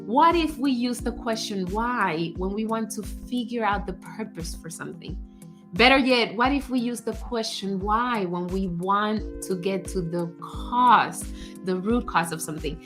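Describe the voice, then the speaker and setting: A woman career coach giving casual advice, animated, acting out example phrases and laughing often. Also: mid-range voice, a little slow, faint music behind. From United States.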